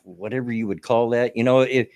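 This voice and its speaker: A man's voice: mid-range voice, steady tone, a little fast, a little mellow. An older man co-hosting a casual online radio chat, folksy and rambling with many fillers. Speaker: co-host.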